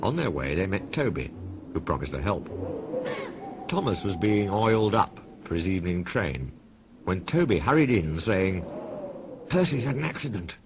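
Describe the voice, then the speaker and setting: A man narrating a children's storybook in a measured, expressive reading. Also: deep voice, background noise. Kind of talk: storybook read-aloud.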